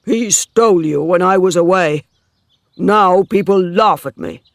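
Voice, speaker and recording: A man reader voicing a wounded, jealous farmer who speaks forcefully. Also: sits high, a little slow, creaky, no echo, studio quality, pitched above the performer's own voice. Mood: accusing. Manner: forceful, anguished. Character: wounded older male farmer, jealous and intense. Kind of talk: dramatic story reading.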